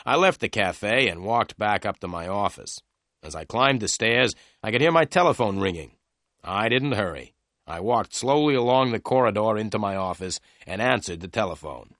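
A man narrating a detective story in clear, slow storytelling. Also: lowish voice, animated, a bit bright, dry recording, clean studio sound. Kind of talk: scripted narration of a graded reader.

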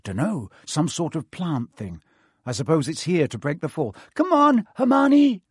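A man's voice: on the high side, expressive, moderate pace, darkish tone, breathy edge, dry recording, clean studio sound. A man voicing a brave young schoolboy wizard in a lightly raised, earnest voice. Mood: calling out.

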